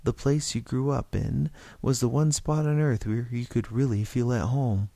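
A man reading a story aloud in steady, expressive narration. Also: mid-range voice, moderate pace, vocal fry, dry recording. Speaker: story reader.

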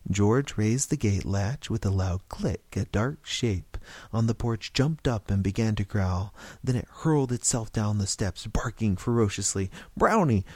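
A man's voice: fairly low pitch, measured pace, a little mellow, no echo. A man reading a story aloud, narrating with occasional slips and restarts.

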